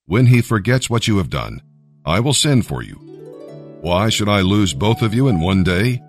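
A man's voice: on the low side, very animated, moderate pace, soft background music. A man reading as an anxious mother. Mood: urgent. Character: worried mother, urgent and protective.

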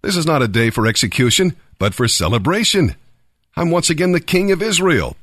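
A man's voice: fairly high pitch, sing-song, brisk, fairly bright tone, no echo, clean studio sound, voice pushed up. A man reading scripture aloud, voicing a king who speaks with authority and grants pardon. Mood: exclaiming. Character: forgiving triumphant middle-aged king.

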